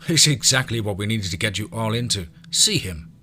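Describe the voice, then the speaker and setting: A man's voice: fairly low pitch, animated, a little fast, sharp tone. A man voicing an eager, commanding old male reptile creature who speaks in a pushy, gleeful way.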